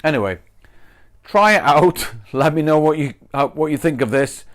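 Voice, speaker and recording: A middle-aged man teaching English in a relaxed video lesson, pausing to act out short example lines in different tones. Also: a little high.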